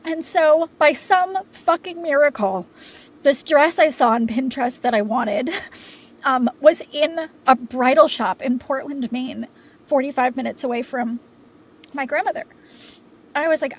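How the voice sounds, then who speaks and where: Halting, candid young woman telling a story. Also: high-pitched, low-quality recording. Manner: halting, many filler words and restarts. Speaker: podcast guest. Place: home sound booth.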